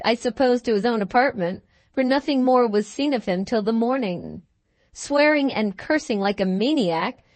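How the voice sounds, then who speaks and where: A woman narrating a classic novel as an audiobook in a measured, steady way. Her voice sits on the higher side. The recording is dry and close, with no room sound. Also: no echo. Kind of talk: first-person audiobook narration.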